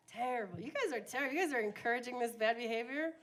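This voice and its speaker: A woman's voice: a little high, lively intonation, fast, hardly any pauses, loud music behind the voice. A young woman doing a crude, self-mocking stand-up comedy set on a bar stage, often laughing at her own jokes.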